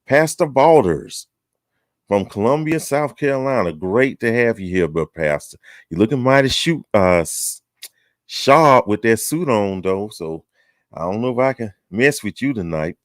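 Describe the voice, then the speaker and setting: A man's voice: on the low side, lively intonation, a little slow, dry recording, studio quality. A man hosting a chat show, welcoming guests one by one in a folksy, teasing manner. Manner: folksy, teasing, drawling southern talk. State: out of breath. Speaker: host.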